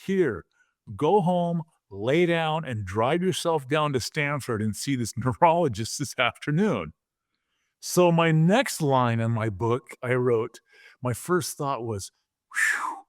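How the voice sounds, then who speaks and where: A man in his sixties, a former pro football player, telling a story on a podcast in a vivid, animated way and acting out the quoted lines. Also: on the high side, measured pace, no echo, clean studio sound.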